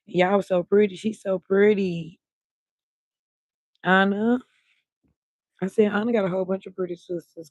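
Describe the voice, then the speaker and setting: A woman's voice: on the low side, no echo. A woman hosting a casual late-night livestream, chatting freely and greeting viewers by name, drawing her words out. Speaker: livestream host.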